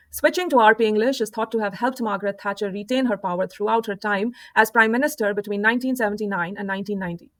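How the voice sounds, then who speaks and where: Quick, bright-voiced woman narrating an explainer. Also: on the high side, no echo. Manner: calm, explanatory, measured. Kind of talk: scripted narration.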